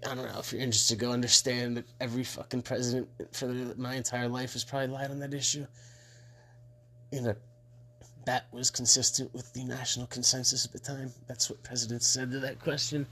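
A man's voice: medium pitch, little pitch movement, brisk, a bit bright, husky. A middle-aged man hosting his own show in a blunt, rambling, profane monologue, laughing between remarks. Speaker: show host.

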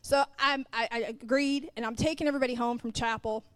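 A middle-aged woman preaches in a bright, fairly high voice and tells a personal story with animated delivery. She acts out both sides of each conversation and turns to ask the congregation questions. The sound is close and dry. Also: fairly quick, smooth, no room sound. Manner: animated, acts out quoted dialogue, talks straight to the congregation. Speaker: pastor's wife, preacher. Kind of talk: storytelling sermon.

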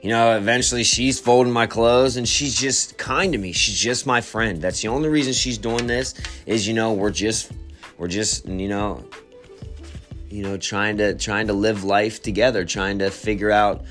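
Over faint background music, a man with a low, deep voice gives a personal testimony with fairly even intonation. He talks quietly and haltingly, tripping over repeated words and starting sentences over as he reflects.

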